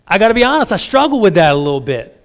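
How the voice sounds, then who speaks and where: Middle-aged male pastor, conversational sermon, frank and self-mocking, slightly raised pitch. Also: racing. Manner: candid, self-deprecating, lively asides.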